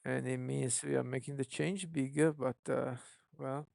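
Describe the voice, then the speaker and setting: Developer streaming live code, thinks aloud, heavy vocal fry, dry close sound. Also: medium pitch, steady tone, a little mellow, dry recording. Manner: musing, self-questioning, unhurried.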